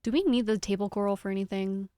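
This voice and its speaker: A woman's voice: mid-range voice, quick pace, mellow. Giggly rambling woman streamer. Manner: rambling, giggly, talks to chat. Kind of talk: casual live-stream chatter while gaming.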